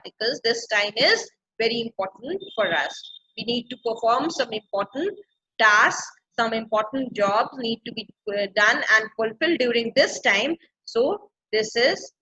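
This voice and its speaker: A female English literature teacher with a fairly high, sharp voice works through a play by reading each line of verse aloud and then explaining it in plain language. The audio is dull lo-fi.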